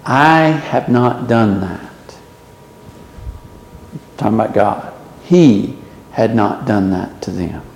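A man preaching a sermon, swinging from loud emphatic questions to low, quiet warnings. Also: expressive, slow pace, gravelly, pauses often, echoey room, in a large hall, low-quality recording.

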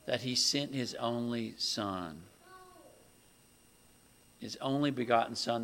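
A man preaching a sermon, talking slowly and deliberately and building to loud, raised passages. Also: vocal fry. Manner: slow, deliberate preaching that swells loud and high at its climaxes.

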